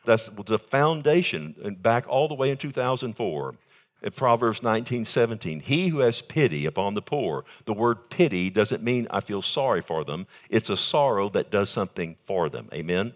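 Lively older male pastor preaching. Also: lowish voice, moderate pace. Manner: lively preaching, swinging from soft asides to raised emphatic lines. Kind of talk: sermon.

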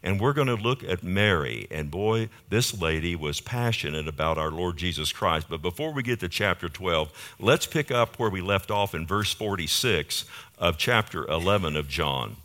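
A man's voice: sits low, lively intonation, moderate pace, bright, forceful tone. A man preaching a sermon in a church, emphatic and punctuating points with "amen?" asides to the congregation. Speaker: pastor. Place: church in Fort Worth.

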